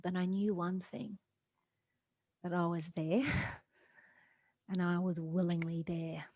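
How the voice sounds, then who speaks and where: Slow, earnest woman. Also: lowish voice, level tone. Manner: earnest and emotional, with soft laughs. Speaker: storyteller sharing a personal story. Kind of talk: personal testimony.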